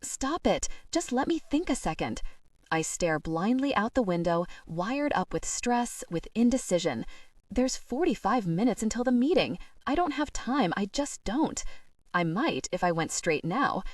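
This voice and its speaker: A woman reading a first-person novel aloud as an audiobook narrator, expressive and rising into breathless worry. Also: medium pitch, unhurried, dry recording, studio quality, distant mic.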